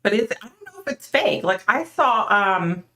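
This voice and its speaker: A woman's voice: mid-range voice, sing-song, moderate pace, sharp tone. A middle-aged woman hosting a casual livestream, chatting with viewers by name and talking with a skeptical edge. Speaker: livestream host.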